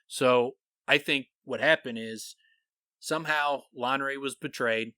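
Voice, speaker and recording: A man co-hosting a podcast, animatedly thinking out loud as he retells and theorizes about scenes from a book. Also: medium pitch, takes it slowly, clear, resonant tone, no room sound. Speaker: podcast co-host. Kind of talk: casual podcast discussion.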